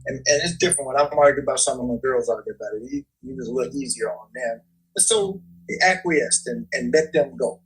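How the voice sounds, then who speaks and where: A man, a guest musician, telling a story in casual, slangy speech, animated and full of repeats. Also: medium pitch, fast talker, slight background noise, low-quality recording.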